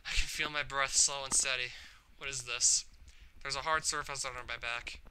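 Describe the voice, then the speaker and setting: Man reading as a troubled teen girl, visual novel, brooding, very bright sharp voice, rising cries. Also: mid-range voice, steady tone, normal speed, a little hiss or hum. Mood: despairing. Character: troubled shy teenage girl, anxious, brooding.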